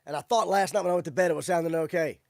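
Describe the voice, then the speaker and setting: A man's voice: fairly high pitch, rapid-fire, vocal fry, darkish tone, dry recording, clean studio sound. A man hosting a casual live-stream, chatting loosely with viewers in a laid-back way. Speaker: livestream show host. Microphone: studio microphone with audio interface.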